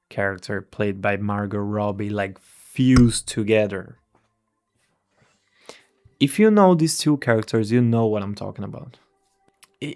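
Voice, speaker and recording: A man's voice: lowish voice, darkish tone. A man giving a rambling, irreverent movie review, swearing and restarting his sentences.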